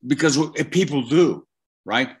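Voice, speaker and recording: Older male voice teacher, mid-pitched, animated, restarts often, interview guest. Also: normal speed, breathy edge. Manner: animated storyteller, many restarts. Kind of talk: conversational interview.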